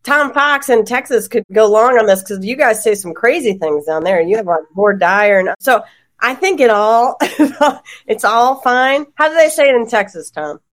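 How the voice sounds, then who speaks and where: A woman law professor on a podcast panel, talking in animated quick bursts and often laughing. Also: fairly high pitch. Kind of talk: podcast roundtable discussion.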